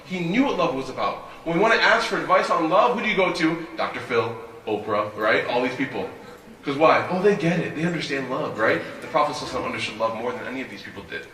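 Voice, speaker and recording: A man's voice: medium pitch, animated, quick pace, sharp tone, slight background noise. A man giving a sermon as an imam, telling stories animatedly and asking rhetorical questions. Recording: echoey hall, voice from a distance.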